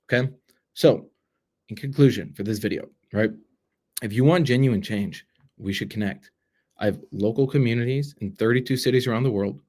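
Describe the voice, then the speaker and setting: A man's voice: mid-range voice, a little mellow. A man talking straight to the camera as a self-development coach, earnest and persuasive, often checking in with "right?". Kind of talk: direct-to-camera motivational talk.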